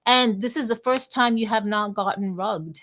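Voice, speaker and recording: Casting: playful, talkative woman host of a live audio space, average pitch. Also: moderate pace, a bit bright. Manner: bubbly, chatty, playful. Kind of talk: casual online audio chat.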